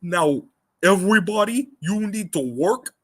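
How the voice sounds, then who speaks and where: A man impersonating a middle-aged male official who lectures slowly and keeps repeating himself. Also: high-pitched, expressive, a bit bright, voice pushed up, heavily acted. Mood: lecturing. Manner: slow, repetitive, lecturing.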